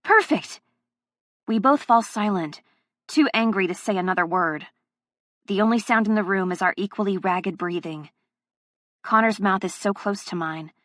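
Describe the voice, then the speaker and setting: Woman, first-person audiobook narrator, mid pitch, emotional, intense, dry studio mic. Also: normal speed, pauses often, fairly bright tone, no room sound. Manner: emotionally charged, heated reading.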